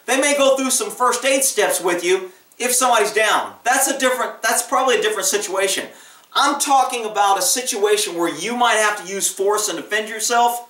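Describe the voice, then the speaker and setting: Blunt cop in an echoey room. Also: male voice, high-pitched, brisk, fairly bright tone, far from the mic. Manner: blunt and emphatic, acts out quoted callers. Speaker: police officer giving advice. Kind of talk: casual vlog monologue.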